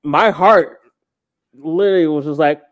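A man's voice: a little high, unhurried, dry recording, dull audio. A man co-hosting a podcast, telling a story in casual, rambling fashion with many restarts. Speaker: podcast co-host.

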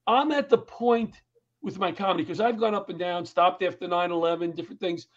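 On dull lo-fi audio, a middle-aged man who works as a comedian and firefighter talks fairly quickly in a high voice. He tells interview anecdotes with animation, acting out everyone involved.

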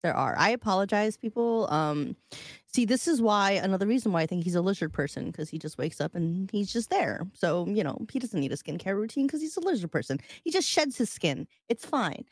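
A woman's voice: medium pitch, animated, fairly quick, no room sound, studio quality. A woman co-hosting a podcast, chatting casually in a profane, joking, sarcastic way. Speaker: podcast co-host. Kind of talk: casual chat.

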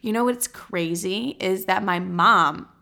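A young woman hosting her own podcast, talking casually to listeners in a rambling, chatty way, swearing often and stumbling over her words while highly caffeinated. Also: slow, gravelly, sharp tone. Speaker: podcast host. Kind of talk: casual solo podcast chat.

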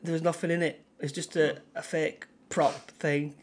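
A man's voice: on the high side, little pitch movement, moderate pace, a little hiss or hum. A man with a Manchester accent co-hosting a casual podcast, telling a rambling story full of restarts and fillers. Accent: Mancunian English. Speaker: podcast co-host. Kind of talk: casual chat.

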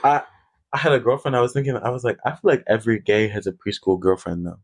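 A man's voice: medium pitch, quick pace, husky. A young man co-hosting a casual podcast chat, playful and teasing, laughing often. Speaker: podcast co-host.

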